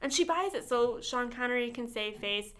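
A woman's voice: a little high, animated, normal speed, a crowd in the background. A woman co-hosting a podcast, animatedly recapping a film with laughter and swearing. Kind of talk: casual chat.

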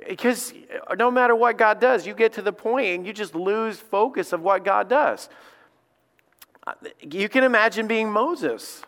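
Inside a church sanctuary with long, echoing reverb, a male lead pastor delivers his sermon. His high voice sounds bright and forceful. He talks in a conversational way and dramatizes quotations.

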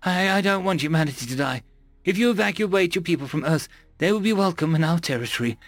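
A man's voice: a little high, lively intonation, fast talker, no echo, soft background music, voice pushed up. A man voicing a timid female alien envoy from a prey species, who speaks in an apologetic, stammering way in an audiobook. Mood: pleading. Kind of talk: audiobook character voice.

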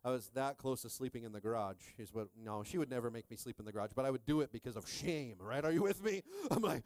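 A man in his thirties preaching a sermon as pastor, animated and jokey, calling out to the congregation for responses. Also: mid-range voice, fast, few pauses.

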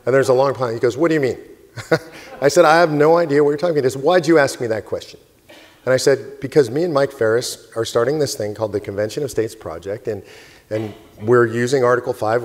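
A man and organization president telling an animated story in a speech to a live audience, laughing often as he goes. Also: mid-range voice. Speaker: convention speaker and organization president. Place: conference hall stage. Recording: long hall reverb with faint crowd.

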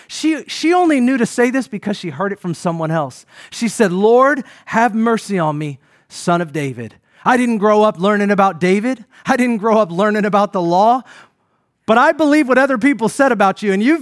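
A man's voice: sits high, no echo, studio quality. A man preaching a sermon as pastor, building emphasis and calling on the congregation to respond.

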